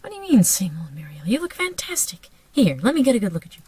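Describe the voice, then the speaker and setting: Woman reading cues for a smooth, eager male producer. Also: medium pitch, big pitch swings, very fast, dark tone, dry recording. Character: smooth-talking male film producer, eager old flame. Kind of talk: reading cue lines in rehearsal. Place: front seat of a car.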